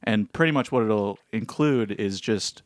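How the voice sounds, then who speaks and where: A man's voice: on the low side, measured pace, no echo, studio quality. A man co-hosting a casual podcast, rambling with lots of fillers and restarts. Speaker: podcast co-host. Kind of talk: casual chat. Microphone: headphones and studio mic.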